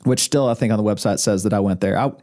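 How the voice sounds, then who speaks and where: A man from Arkansas, guesting on a podcast hosted by his wife, tells rambling stories in casual conversation in an indoor studio room. His voice is fairly low and darkish, he talks fast, and he often chuckles and restarts his sentences.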